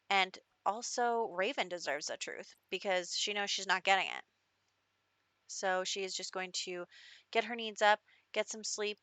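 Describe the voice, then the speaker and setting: Chatty, bright-voiced young woman gamer. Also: mid-range voice, no echo. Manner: chatty and upbeat, with frequent fillers like "like" and "you know". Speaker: gaming channel host. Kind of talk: casual life-sim game commentary.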